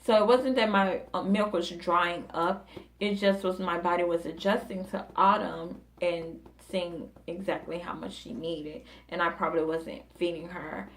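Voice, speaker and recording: A young woman talks through a hard stretch of new motherhood in an unscripted, rambling way. Her voice sits a little low, and she often circles back with fillers and restarts. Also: steady tone, unhurried. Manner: chatty, many fillers and restarts, emotional retelling. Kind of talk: casual personal storytelling.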